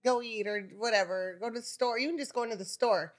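A woman's voice: on the high side, a little fast. A woman guest, a best friend, teasing playfully in casual chat and acting out what she says to her friend.

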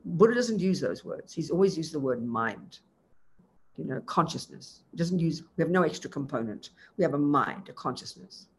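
A Buddhist teacher giving a dharma talk in an emphatic way, building long lists and dropping quick casual asides. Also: medium pitch, animated, slight background noise.

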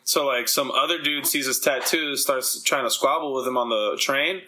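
A man's voice: mid-range voice, moderate pace, a little hiss or hum, rough recording. A young adult man hosting a casual podcast, telling stories with acted-out quotes and frequent swearing. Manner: animated storyteller, acts out quotes, swears freely. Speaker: podcast host.

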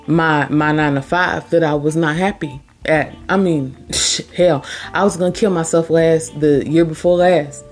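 A woman's voice: deep voice, a little mellow. A woman hosting her own podcast, talking earnestly and emphatically, repeating her key points. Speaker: podcast host. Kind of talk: casual motivational monologue.

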